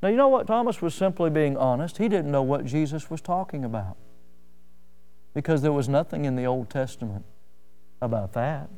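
A man preaching a sermon, telling homely stories with fillers and swinging from loud rises to soft drops. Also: a little high, lively intonation, normal speed, faint music behind. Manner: folksy storytelling with fillers. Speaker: pastor.

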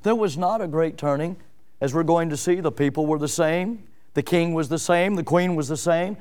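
A man pastor preaching a sermon in an animated, emphatic way, full of rhetorical questions. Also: a little high, moderate pace, clear, resonant tone.

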